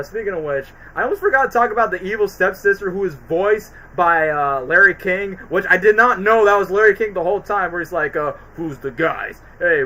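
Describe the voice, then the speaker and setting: A man's voice: a little high, sharp tone, slight background noise, rough recording. A young man hosting a casual livestream, rambling in slangy speech full of "like" and "bro". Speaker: streamer host.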